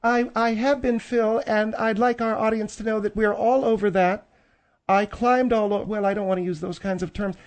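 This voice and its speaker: A man's voice: sits high, fairly even intonation, normal speed, pitched above the performer's own voice, close to an everyday voice. Brief: man playing a snooty, affected woman co-host; pompous, catty, comedy talk radio. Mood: haughty. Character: prissy, snobbish middle-aged woman co-host.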